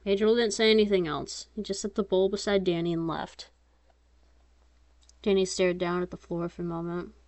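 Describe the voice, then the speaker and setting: A woman reading her own story aloud in a plain, steady voice, now and then breaking into chatty, self-mocking asides. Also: on the low side, normal speed, dry recording.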